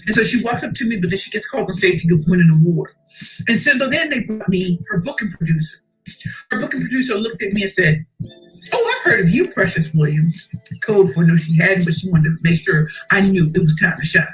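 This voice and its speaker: A woman's voice: mid-range voice, quick pace, soft background music, poor audio. A woman telling her success story as a motivational speaker, emphatic and preacherly, repeating key phrases and calling the audience y'all. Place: live event stage.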